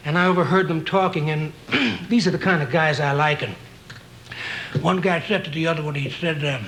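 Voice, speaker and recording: A male comedian chats and tells jokey anecdotes as a talk show guest. His voice is high and bright, quick with a punchline. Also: slight background noise. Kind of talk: talk show chat and storytelling.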